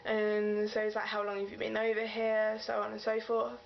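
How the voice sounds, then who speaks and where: Gravelly young englishwoman gushing through a story. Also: mid-range voice, monotone, moderate pace. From England. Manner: gushing, rambling retelling full of "like". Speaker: vlogger. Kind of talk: casual storytelling. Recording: dull lo-fi sound with faint hiss.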